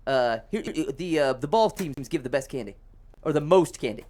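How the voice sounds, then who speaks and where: A man's voice: on the high side, animated, a little mellow. A man hosting a podcast in a small studio, joking through a quiz game in casual chat. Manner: fast, joking, laughs often. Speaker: podcast host.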